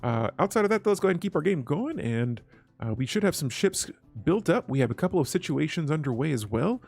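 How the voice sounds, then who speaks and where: A man's voice: a little high, very animated, quick pace, gravelly, a little mellow, soft background music. A man hosting a strategy game let's play, chatting casually with his viewers as he clicks through menus. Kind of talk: gameplay commentary.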